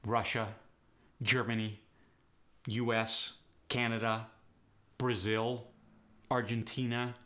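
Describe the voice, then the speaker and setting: A man working as an accent coach, briskly explaining pronunciation changes in a matter-of-fact instructional style. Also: medium pitch, flat delivery, fairly bright tone.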